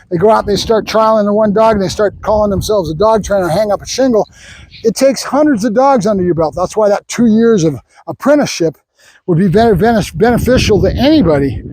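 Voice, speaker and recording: A man's voice: sits high, darkish tone, slight background noise, rough recording. An older man, a professional dog trainer, talking through a training session in a rambling, opinionated way and breaking off now and then to praise the dog. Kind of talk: training vlog with running commentary.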